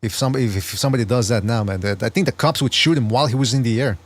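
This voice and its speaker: A male podcast host with a voice of ordinary, mid-range pitch, talking through his arguments in casual chat. He stammers and restarts often as he works out his points, with an earnest, explaining tone. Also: very fast.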